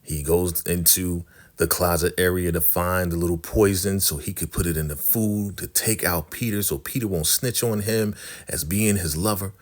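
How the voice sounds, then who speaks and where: A man casually recapping a TV drama episode, animated and storytelling, acting out the characters' lines. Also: sits low, normal speed.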